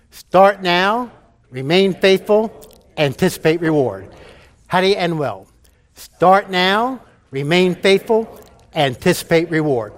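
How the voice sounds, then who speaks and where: A man preaching a sermon, telling jokes and repeating key phrases for emphasis. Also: high-pitched.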